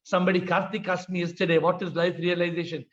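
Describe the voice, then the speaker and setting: A man's voice: high-pitched, little pitch movement, quick pace. An older man with an Indian English accent giving an informal spiritual talk on a video call, acting out voices in his stories and often asking "huh?". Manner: storytelling, acts out quoted voices, frequent "huh?". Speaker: spiritual teacher. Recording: slightly dull video call audio.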